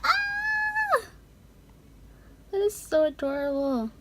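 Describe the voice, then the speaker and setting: A young woman vlogger gushing through an unboxing in casual chat, often dropping into soft whispered asides. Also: on the high side, expressive, slow, gravelly, heavy background noise.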